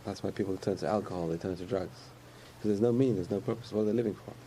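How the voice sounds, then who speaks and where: A man's voice: deep voice, rapid-fire, warm tone, a little hiss or hum. A man giving a conversational sermon about faith, repeating phrases and chuckling often.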